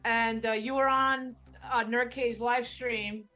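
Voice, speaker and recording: A woman speaks with sincere gratitude on a live stream. Her voice is a little high. Faint music plays underneath. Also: level tone, takes it slowly, sharp tone. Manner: sincere, grateful. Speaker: host's girlfriend, guest. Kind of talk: casual live-stream chat.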